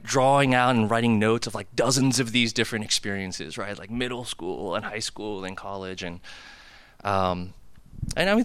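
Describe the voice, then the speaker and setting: A man's voice: lowish voice, a bit bright, clean tone. A man in his thirties from the United States giving a casual personal sermon as a pastor, telling confessional stories in a conversational way full of "like" and "right?". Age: 30s. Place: hall with a cafeteria.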